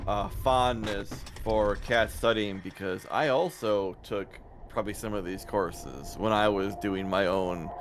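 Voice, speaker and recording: A man's voice: lowish voice, a little slow, hardly any pauses, a little hiss or hum. A man co-hosting a livestream, chatting casually, swearing and joking while talking over his co-host. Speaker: stream co-host. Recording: music playing behind the voice.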